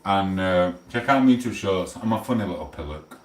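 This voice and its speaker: A man, a bit drunk, hosting a rambling, chatty livestream with loud banter. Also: deep voice, expressive, normal speed. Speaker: livestream host. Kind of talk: casual rambling livestream chat. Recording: roomy echo, distant from mic.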